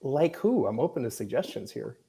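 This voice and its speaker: A man's voice: medium pitch, big pitch swings, a little fast, creaky, dark tone. A man co-hosting a casual sports podcast, hesitant and laughing often. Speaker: co-host.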